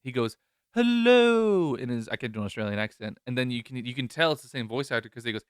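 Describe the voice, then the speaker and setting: A man's voice: mid-range voice, fairly even intonation, a bit bright, dry recording, clean studio sound. A man hosting a podcast who chats casually, rambling and joking. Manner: rambling, jokey, quick to laugh. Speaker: podcast host.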